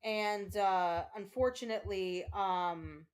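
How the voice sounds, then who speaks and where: In a slow, clear voice of medium pitch and resonant tone, a woman chats casually with viewers during a gaming stream. She rambles with many fillers and restarts, and she's tearing up as she gives them emotional, tearful thanks.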